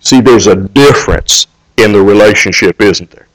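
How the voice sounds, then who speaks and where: A man's voice: on the low side, normal speed, rough recording. A male pastor preaching a sermon in an earnest way, often restarting and repeating words.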